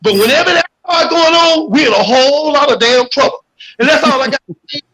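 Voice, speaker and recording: A man calling in to a livestream chat, talking in an animated, preachy way and swearing freely. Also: very high-pitched, brisk, poor audio. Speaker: guest caller.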